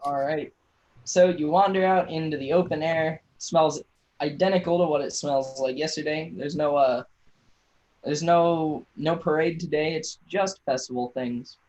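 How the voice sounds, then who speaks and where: A man narrating a tabletop game as dungeon master, relaxed and halting, with many fillers. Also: fairly high pitch, lo-fi sound.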